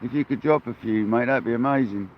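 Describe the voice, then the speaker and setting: A man's voice: mid-range voice, a little fast, dull audio, slight background noise. An English man hosting a fishing livestream from outdoors, chatting casually with viewers and calling them mate and buddy. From England. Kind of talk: casual live-stream chat to viewers. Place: outdoors on a kayak at the coast.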